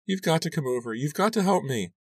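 Brief: man doing a sobbing teen girl, voice pushed way up high, begging, audiobook. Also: level tone, very slow, vocal fry, no room sound, heavily acted. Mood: sobbing, pleading. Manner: begging, breaking up. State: crying. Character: teenage girl sobbing in terror.

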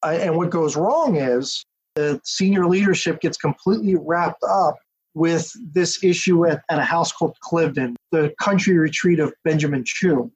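A man, an author and historian, giving a detailed, steady account as a podcast interview guest. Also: on the high side, normal speed, breathy edge. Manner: detailed, steady storytelling with asides. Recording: dull lo-fi audio.

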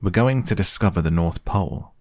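A man's voice: sits low, lively intonation, fairly quick, a little mellow, dry recording, studio quality. A man voicing a confident young boy who speaks in a breezy, matter-of-fact way, in a storybook reading.

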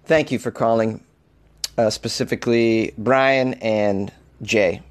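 A man hosting a solo comedy podcast, animated and over-caffeinated, swinging from loud jokes to muttered asides. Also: fairly low pitch, slow. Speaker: podcast host.

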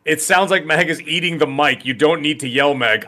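A middle-aged man from Canada co-hosting a casual podcast chat, talking loudly and emphatically. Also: a little high, moderate pace, hardly any pauses. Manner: loud, emphatic delivery. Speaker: podcast co-host.

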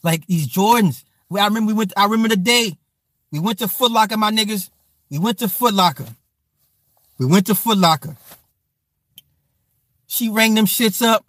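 A man in his forties spins a casual story for his live chat, swearing freely and repeating himself for effect. His voice sits high and the sound is dry and close. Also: normal speed, pauses often, dry recording. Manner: profane, animated, repetitive slang. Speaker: streamer talking to chat.

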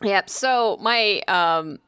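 A woman co-hosting a podcast in loose, casual chat, winding through a story with plenty of "like" and casual swearing. Her voice sits at an ordinary middle pitch. It is recorded dry and close, with no room sound. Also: drawn-out words, a bit bright, clear, resonant tone, dry recording. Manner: rambling storyteller, lots of "like", swears freely. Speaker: podcast co-host.

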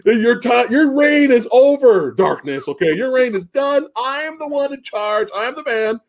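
A man voicing a boastful little male goblin who wears a huge helmet, speaking in a pompous, drawn-out way. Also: extremely high pitch, lively intonation, pitched above the performer's own voice.

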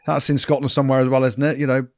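A man's voice: medium pitch, flat delivery, rapid-fire, dry recording, studio quality. A man co-hosting a rugby podcast, ribbing his guest playfully in casual banter. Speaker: podcast co-host.

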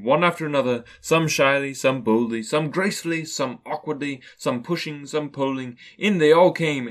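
A man reading a classic story aloud with lively, expressive storytelling. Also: medium pitch. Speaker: narrator.

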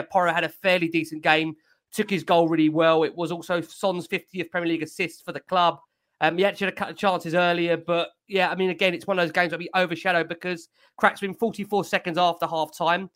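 Reviewing the match on his fan podcast, a male host directs discussion toward the guests in a chatty, slightly hesitant way. His voice is high and a bit bright.

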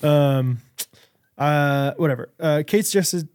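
An American man co-hosting a podcast in casual chat, laughing often and breaking into loud movie-quote impressions. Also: on the high side, slow pace, clear, resonant tone. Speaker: podcast co-host.

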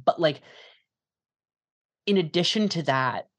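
A woman's voice: sits low, lively intonation, slow pace. A woman co-hosting a casual film podcast, rambling with lots of filler words and casual swearing. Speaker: podcast co-host.

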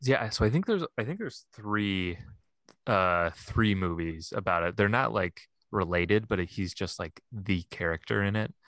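A man with a very deep, low voice talks loosely on a podcast, trailing off into fillers and breaking into laughs. The sound is close and dry, with no room around it. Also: expressive, unhurried, a bit bright, no echo. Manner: laughing often, rambling with fillers. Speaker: podcast co-host. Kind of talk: casual chat.

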